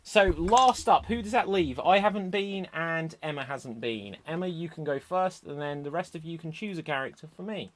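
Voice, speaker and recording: A man's voice: on the high side, expressive. Chatty man hosting a live improv stream. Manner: chatty, brisk, self-deprecating. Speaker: host of improv comedy stream.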